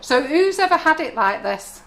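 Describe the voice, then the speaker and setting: A woman's voice: high-pitched, sing-song, normal speed, a bit bright. A middle-aged woman, chatting and telling stories while demonstrating baking products on a live stream from her kitchen. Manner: chatty, rambling, storytelling. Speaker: baking shop owner presenting products. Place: shop kitchen.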